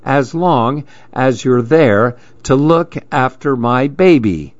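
A man's voice: medium pitch, animated, slow pace, no room sound, muffled recording. A man voicing a worried hairdresser father fussing over his baby, sounding fretful and weary. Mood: fretting.

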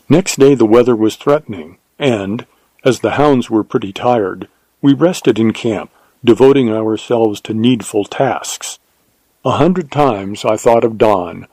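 A man reading a first-person adventure story aloud in a measured, unhurried way. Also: on the low side, darkish tone, no room sound, rough recording. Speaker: narrator. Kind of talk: scripted audiobook narration.

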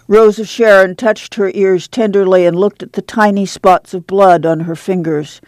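A woman's voice: mid-range voice, dry recording. Woman narrating an audiobook, dry sound. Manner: measured, even storytelling.

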